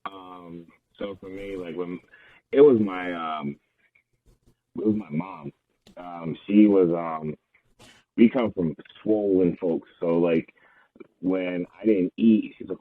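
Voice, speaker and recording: A man co-hosting a podcast, recalling family pushback in halting casual talk. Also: low-pitched, expressive, vocal fry. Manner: halting, with many fillers, quoting his mother. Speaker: podcast co-host. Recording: tinny phone-like sound.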